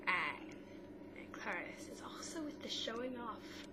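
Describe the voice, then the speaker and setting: A woman's voice: mid-range voice, expressive, normal speed, background noise. A woman co-hosting a casual podcast, retelling a TV episode scene by scene, quoting the lines and often restarting. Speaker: co-host of a mother-daughter podcast. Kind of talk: casual chat recapping a TV episode.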